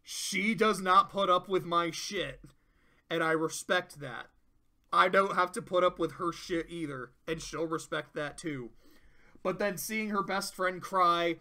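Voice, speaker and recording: A man giving casual, profane commentary on a cartoon, ranking its episodes and acting out the characters' lines in quick voices. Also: on the high side, steady tone, bright, forceful tone. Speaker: show reviewer. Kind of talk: casual tier-list commentary.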